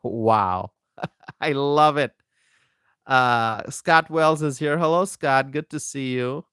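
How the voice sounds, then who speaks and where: Slow, emphatic man hosting a live stream. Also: mid-range voice, a bit bright, clean tone, no room sound, clean studio sound. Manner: slow, emphatic, repeats himself, greets viewers by name. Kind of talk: political commentary live stream.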